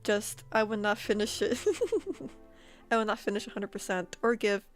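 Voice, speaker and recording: A woman streamer and artist telling a story to her chat in a casual, animated way, laughing often and repeating words. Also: mid-range voice, moderate pace. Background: faint background music.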